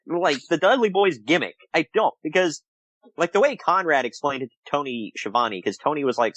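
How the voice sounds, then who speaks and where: A man's voice: on the high side, brisk, fairly bright tone, no room sound. A man co-hosting a casual podcast review, rambling and laughing often as he retells things. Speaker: podcast co-host.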